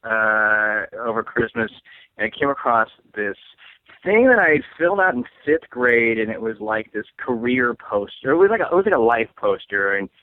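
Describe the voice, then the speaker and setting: A man's voice: mid-range voice, very animated, moderate pace. A man from Saint Louis, a comedian guest, chatting casually in a rambling way full of fillers and frequent laughs. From Saint Louis, USA. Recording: tinny phone-like line, dry.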